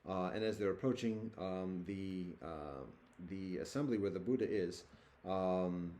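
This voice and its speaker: A man with a lowish voice walks listeners through a scripture. He reads passages in a formal tone, then retells them casually and hesitantly, full of fillers and restarts. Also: a little slow, mellow. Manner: alternates formal scripture reading with loose slangy retelling. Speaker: teacher walking through a scripture. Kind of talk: casual reading and explanation of a sacred text.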